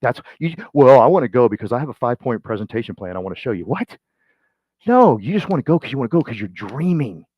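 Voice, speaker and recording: A man giving a motivational real estate training talk, folksy and energetic, swinging from loud bursts to quiet asides. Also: medium pitch, fast talker, husky, no echo. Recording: dull muffled sound, dry.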